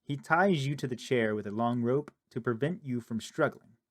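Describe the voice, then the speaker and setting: A man playing a horror game, reading the on-screen text aloud in a low murmur and reacting with loud, startled outbursts. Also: normal speed. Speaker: gaming video creator. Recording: loud game music under the voice.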